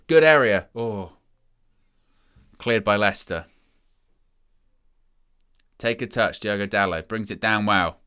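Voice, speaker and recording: A young man giving excitable, chatty live commentary as a fan following a football match. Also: lowish voice, clear, resonant tone. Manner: excitable, chatty play-by-play with asides.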